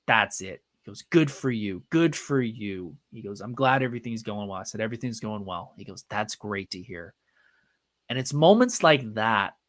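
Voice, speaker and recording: A man's voice: on the low side, a bit bright, dry recording. A man in his thirties hosting a live podcast, telling a personal story earnestly and acting out the conversations. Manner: earnest, retells with quoted dialogue. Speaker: podcast host. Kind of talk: live-streamed storytelling monologue. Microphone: desk microphone, live stream.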